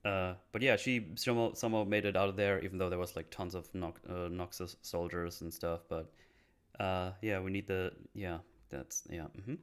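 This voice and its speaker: A man's voice: deep voice, steady tone, moderate pace, clear, resonant tone. A man hosting a casual podcast, recapping episodes in a rambling way, swearing and laughing often. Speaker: podcast host. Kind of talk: casual episode breakdown chat.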